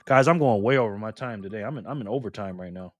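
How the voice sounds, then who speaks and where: A man hosting a casual live stream, reading comments aloud and answering viewers by name in a lively, playful way with lots of laughs and slang. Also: fairly low pitch, fast, no room sound. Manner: mixes slang and internet abbreviations into speech.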